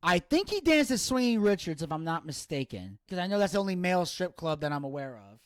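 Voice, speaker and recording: A man's voice: sits high, a little fast, no room sound. A man co-hosting a casual podcast, telling stories with energy, acting out what people said and swearing freely. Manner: animated storyteller acting out quotes, swearing freely. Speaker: podcast co-host.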